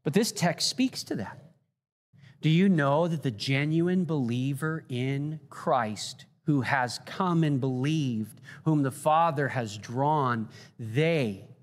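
A male pastor delivers his sermon in an earnest, building tone, pausing on fillers. His voice sits slightly higher than most men's. The sound carries a long hall reverb. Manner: earnest preaching with growing intensity, frequent "uh" fillers.

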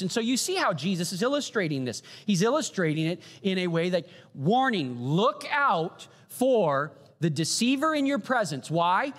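A man preaching a sermon, animated, often asking the audience "right?" and posing rhetorical questions. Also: fairly high pitch. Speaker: pastor. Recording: long hall reverb.

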